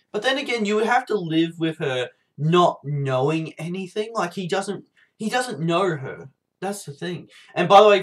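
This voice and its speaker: Man, sore throat, stuffy nose, fairly high voice, rambling casual review, lots of swearing and fillers. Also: fairly bright tone. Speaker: TV episode reviewer.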